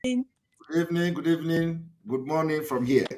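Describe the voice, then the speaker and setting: A man's voice: fairly high pitch, moderate pace, darkish tone. Man hosting a live call-in radio show. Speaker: radio host.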